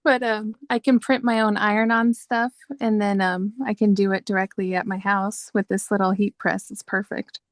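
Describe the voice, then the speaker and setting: An easygoing woman guest in a relaxed chat. She chimes in often with short, agreeing replies. Her voice is middle-pitched, and the recording is dry and close. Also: moderate pace, hardly any pauses, no echo. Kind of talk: casual chat.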